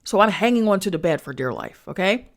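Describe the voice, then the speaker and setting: A woman's voice: mid-range voice, very animated, fast. A woman hosting a podcast, telling a personal story in a chatty, slangy way, swearing and speaking straight to her listeners. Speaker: podcast host and spiritual coach. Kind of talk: casual storytelling.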